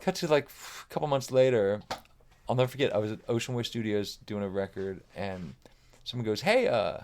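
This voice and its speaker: A man's voice: fairly low pitch, brisk, slight background noise. A man guesting on a podcast, telling anecdotes casually, acting out what people said and swearing now and then. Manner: animated, acts out quoted remarks, frequent "like" fillers, swears casually. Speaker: guest musician. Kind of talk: casual storytelling.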